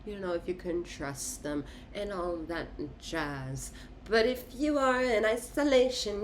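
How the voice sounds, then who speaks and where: A tarot reader with a lowish voice does a casual reading in an emphatic, repetitive style, swearing and laughing often, over a little hiss or hum.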